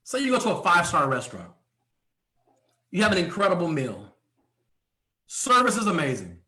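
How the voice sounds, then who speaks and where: A man giving a motivational sales training talk at a live event. He speaks emphatically, asks many rhetorical questions and often clears his throat. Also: sits high, wildly swooping pitch, normal speed, pushed and bright, roomy sound.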